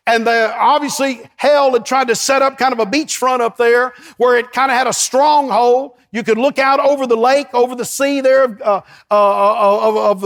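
A man preaching with a strikingly high voice, fervent and rising to shouts at his peaks. He sounds middle-aged and calls out to the congregation as he preaches. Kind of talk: sermon.

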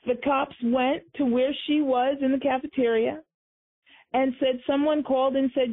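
A fairly high-pitched woman with a husky, breathy tone hosts a talk show. She delivers commentary with emphasis and repeats her points. Her voice comes through a tinny, phone-like line. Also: fairly even intonation, normal speed. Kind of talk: conversational commentary.

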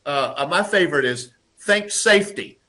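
A man in a conversational interview, telling workplace stories and acting out quotes in lively voices. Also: a little high, normal speed. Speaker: guest, lean process consultant and trainer.

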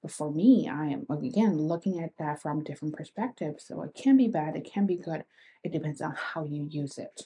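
Mellow-voiced woman hosting a solo podcast. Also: low voice, big pitch swings, normal speed. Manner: reflective, asks rhetorical questions, often adds "right?". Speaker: podcast host. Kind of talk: casual solo podcast monologue.

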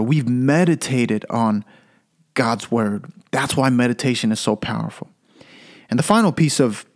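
A man's voice: mid-range voice, a little mellow. A man hosting a Christian podcast, giving an earnest devotional teaching and repeating key phrases for emphasis, with occasional stammered restarts.

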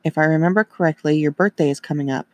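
Storybook role: talkative middle-aged mother, voiced by a man, friendly, slightly high pitch. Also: fast talker, dry recording, lightly acted.

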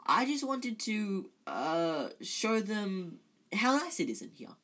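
A reader voicing a clever, brisk schoolgirl in a read-aloud story, with a coaxing manner. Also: mid-range voice, big pitch swings, a bit bright, voice pushed up, full character voice.

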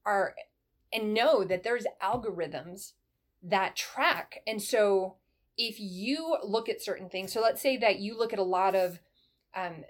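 A woman's voice: mid-range voice, unhurried. A middle-aged woman, a former military sergeant, giving advice in a conversational interview and acting out bits of dialogue as she goes. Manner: animated storyteller, acts out dialogue in a brighter voice.

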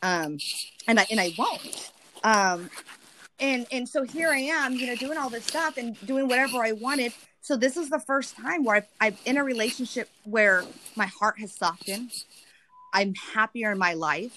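A woman's voice: fairly high pitch, normal speed, background noise. Woman sharing feelings in casual chat. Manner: emotional, rambling, many restarts.

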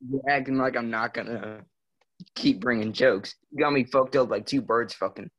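A man's voice: mid-range voice, steady tone, normal speed, a bit bright, rough recording. Teasing, crude-joking young man. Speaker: podcast guest. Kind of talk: casual podcast banter.

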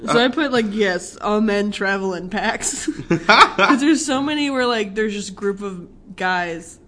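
A woman's voice: mid-range voice, lively intonation, measured pace, pushed and bright, slight background noise. A young woman chatting casually about a movie, laughing a lot and rambling with many fillers. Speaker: co-host reviewing a movie. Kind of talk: casual chat.

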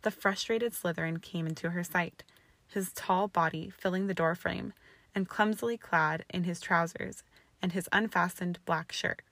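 A woman narrating a fan fiction story aloud in a steady, expressive way. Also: lowish voice, moderate pace, creaky, dry recording.

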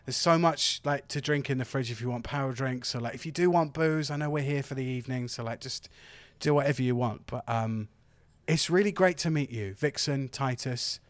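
A man's voice: mid-range voice, brisk, hardly any pauses, no echo, natural voice. Young son figure voiced by a man, hesitant, grateful, dry recording. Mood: friendly. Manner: rambling, hesitant.

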